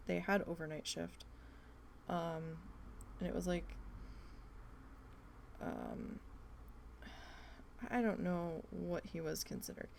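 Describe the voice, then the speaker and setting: A young woman with a New Jersey accent, chatting casually and thinking out loud while she works on a craft project. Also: medium pitch, creaky, slight background noise. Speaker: craft vlogger.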